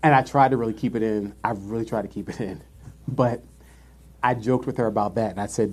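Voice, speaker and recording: A man's voice: lowish voice, fairly even intonation, a little fast, darkish tone, husky. A man co-hosting a casual live-streamed chat show, telling a workplace story with sassy asides. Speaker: podcast co-host.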